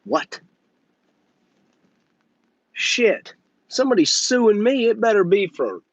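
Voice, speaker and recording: Running a channel about his softwash business, this man gives blunt, casual business advice with some swearing, constantly checking in with "okay?" and "right?" and acting out conversations in quick voices. His pitch sits high and he's very animated, with a creaky voice. The recording is dry and the highs are cut off.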